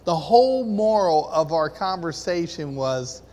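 A man's voice: on the high side, lively intonation, unhurried, warm tone, a little hiss or hum. A man in the congregation telling a chatty, casual testimony at a church service. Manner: chatty, laughs through his story. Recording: echoey hall with long reverb.

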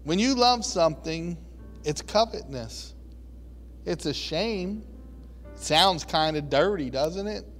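A male preacher delivers a sermon in a conversational, storytelling way, leaning on emphasis. His voice sits high and he speaks slowly. Soft music runs underneath. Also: animated.

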